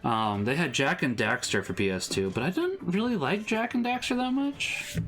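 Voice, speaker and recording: A man's voice: a little high, animated, moderate pace, a bit bright, faint music behind. A man co-hosting a casual game stream, chatting and answering viewers' comments. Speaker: streamer co-host. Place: home streaming setup.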